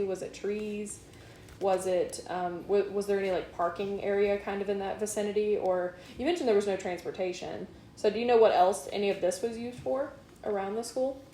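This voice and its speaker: A woman's voice: mid-range voice, warm tone, roomy sound, slight background noise. A young woman in her twenties interviewing an elder, asking loose questions with lots of fillers and laughter. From North Carolina. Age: 20s. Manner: chatty, laughs often, filler-heavy questions. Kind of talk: oral history interview.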